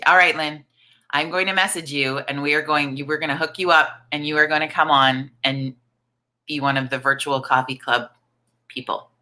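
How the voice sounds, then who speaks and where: A woman in her forties hosting a live online coffee chat, chatty and upbeat, greeting viewers and chatting with a croaky morning voice. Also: sits low, steady tone, normal speed, pushed and bright. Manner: chatty, upbeat, reads viewer comments aloud. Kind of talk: casual live-stream chat.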